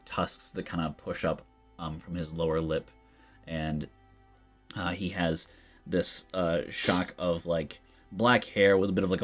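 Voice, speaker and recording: A man running a tabletop game as game master, narrating loosely with lots of fillers. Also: low voice. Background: faint background music.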